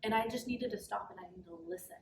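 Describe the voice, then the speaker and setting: A woman's voice: mid-range voice, quick pace, gravelly, slight background noise. Young woman telling her story on a podcast, candid and chatty, says "like" a lot, echoey room, mic kinda far off. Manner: candid, chatty, heavy use of "like". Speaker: podcast guest. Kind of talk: casual personal storytelling. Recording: roomy sound, mic at a distance.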